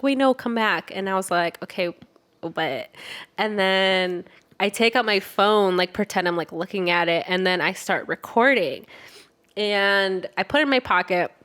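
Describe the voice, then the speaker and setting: A woman's voice: medium pitch, fairly bright tone. A young woman co-hosting a podcast, casually telling a story, acting out the quoted voices and swearing freely. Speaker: podcast co-host.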